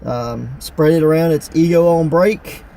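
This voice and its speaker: Easygoing Mississippi man, mellow timbre, casual podcast host. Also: on the high side, measured pace, creaky, rough recording. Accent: Southern US, Mississippi. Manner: easygoing, laughs often. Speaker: podcast host, wrestling promoter. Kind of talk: casual chat. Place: parked car.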